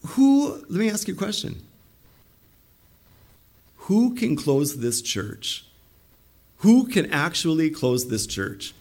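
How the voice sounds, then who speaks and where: A middle-aged male pastor preaching a sermon in an animated way, acting out the voices he quotes. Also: a little high, slow, long pauses.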